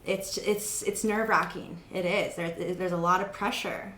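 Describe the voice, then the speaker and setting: A woman's voice: lowish voice, steady tone, moderate pace, a bit bright, echoey room, slight background noise. A young woman hosting an interview, chatting casually and telling stories with lots of fillers. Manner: chatty storytelling with many fillers. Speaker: host.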